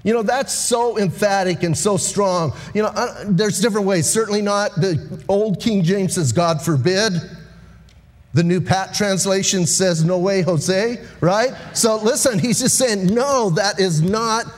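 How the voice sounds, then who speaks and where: A man preaching an evening sermon, lively and conversational, talking back and forth with his congregation. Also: high voice, a little slow, in a large hall. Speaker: pastor. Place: church sanctuary.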